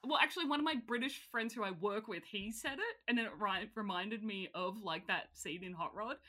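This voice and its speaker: Aussie woman cohosting a podcast, chatty and giggly, says like a lot, bright voice. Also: medium pitch, a little fast. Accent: Australian. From Australia. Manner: chatty, giggly, lots of "like" fillers. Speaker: podcast co-host. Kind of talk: casual podcast chat.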